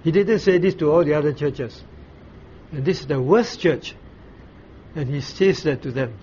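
Pastor, male, higher-pitched voice, unhurried teaching sermon, muffled recording with faint noise. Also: warm tone. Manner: explains slowly, pauses often with "uh", asks the listeners questions.

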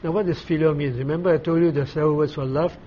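A man preaching a sermon, explaining scripture slowly, pausing often and asking his listeners questions. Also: on the high side, fairly even intonation, highs cut off. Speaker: pastor. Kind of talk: sermon, Bible teaching.

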